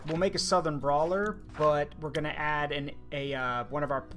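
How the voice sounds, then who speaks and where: A man's voice: on the high side, steady tone, moderate pace, fairly bright tone. A man streaming a video game, chatting in a rambling, casual way with lots of asides. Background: guitar music.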